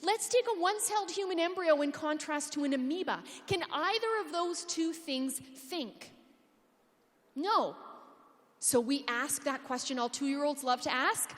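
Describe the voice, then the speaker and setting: A woman giving a conference talk in a large hall on a PA microphone, animated and humorous, asking many rhetorical questions. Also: high voice, unhurried. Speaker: conference speaker. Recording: long reverb of a conference hall.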